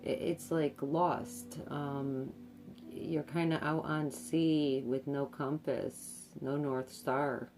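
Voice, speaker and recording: A woman's voice: sits low, little pitch movement, slow, darkish tone, soft background music. A woman giving a tarot reading, speaking hesitantly with many fillers and repeated words. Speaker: tarot card reader. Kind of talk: intuitive tarot reading to camera.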